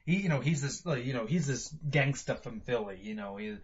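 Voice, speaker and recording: A man talks his way through a movie review, stopping and restarting with constant fillers. His voice is husky and mid-pitched. The recording sounds dull and lo-fi. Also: lively intonation, brisk. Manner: rambling, many "you know" fillers and restarts. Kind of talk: casual spoken review.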